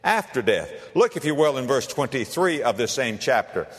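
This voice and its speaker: A man preaching a sermon as pastor, dramatic, swinging between ringing emphasis and hushed tones. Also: medium pitch, very animated, normal speed. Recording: reverberant hall.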